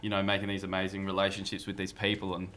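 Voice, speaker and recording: A man as a podcast guest, speaking in a thoughtful, measured way. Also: low voice, monotone, a bit bright. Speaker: guest filmmaker. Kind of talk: casual conversational interview.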